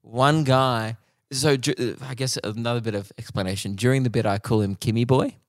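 Aussie comedian guy, deadpan storyteller, mid pitch, dry close mic. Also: fairly quick, no echo. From Australia. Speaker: comedian podcast co-host. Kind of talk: casual comedic chat.

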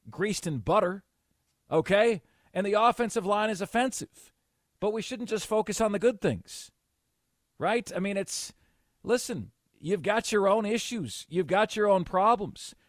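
A man's voice: high-pitched, dry recording, clean studio sound. A man hosting sports talk radio, emphatic, blunt and sarcastic.

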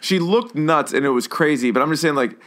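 A man's voice: on the high side, a little fast, fairly bright tone. A man co-hosting a casual movie podcast, talking loosely and animatedly and mimicking voices now and then. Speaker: podcast co-host, movie reviewer. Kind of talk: casual chat.

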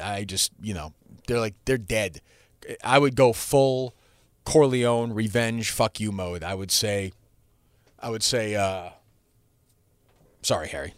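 A man's voice: lowish voice, dry recording, studio quality. A man hosting his own podcast, talking alone in a rambling, blunt style with frequent restarts and some profanity. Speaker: podcast host. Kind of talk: solo podcast monologue.

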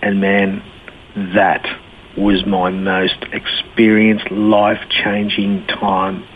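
A man's voice: fairly low pitch, monotone, slow pace, slight background noise. Man on a tinny phone line. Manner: candid, blokey storytelling with frequent restarts. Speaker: guest telling his life story. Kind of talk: personal testimony in a radio interview.

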